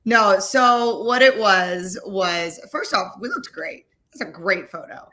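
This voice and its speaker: A woman, co-hosting a casual chat and telling animated stories with some swearing. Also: medium pitch, slow. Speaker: co-host.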